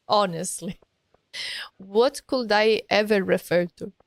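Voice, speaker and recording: A woman's voice: medium pitch, takes it slowly, no room sound. A woman from Italy speaking with an Italian accent, chatting casually and playfully with viewers on a live stream and laughing often.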